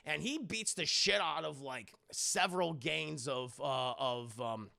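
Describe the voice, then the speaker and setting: A male streamer tears through a casual, swear-filled recap of an anime episode, joking and laughing as he goes. His voice sits high and bright with a gravelly fry. The talk is excitable and loose. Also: a little slow. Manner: excitable, jokey, swears often, laughs a lot. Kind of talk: casual profane recap with acted-out quotes. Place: streaming setup at home.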